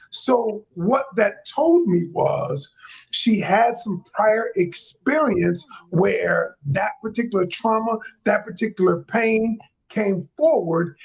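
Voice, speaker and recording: A man speaking as a relationship coach on a live panel, explaining his view in a measured way. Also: sits high, expressive, breathy edge, poor audio. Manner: measured, explanatory, quotes others in a raised voice. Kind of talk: panel discussion on a live stream.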